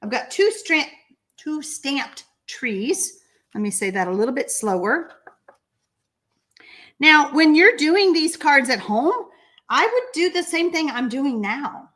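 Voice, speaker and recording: A woman with a Texan accent teaching a live card-making tutorial, chatty and excitable, reading out viewer comments as she stamps. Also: high voice, a little slow.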